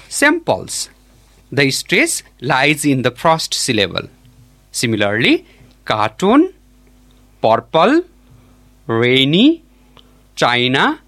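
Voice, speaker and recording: A male teacher, giving a classroom pronunciation lesson and modeling each word slowly and deliberately. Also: on the high side, a bit bright. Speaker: English teacher.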